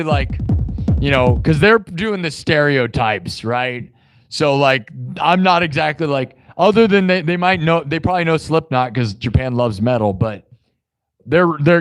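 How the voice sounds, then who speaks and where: A young man from Iowa chatting casually on his live stream, excitable and boastful, rambling with many restarts. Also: on the high side, smooth, no echo. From Iowa, US Midwest.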